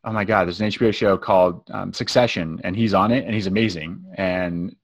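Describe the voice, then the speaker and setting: A man's voice: low voice, steady tone, a little fast. A man co-hosting a film review podcast, chatting casually and rambling with many restarts.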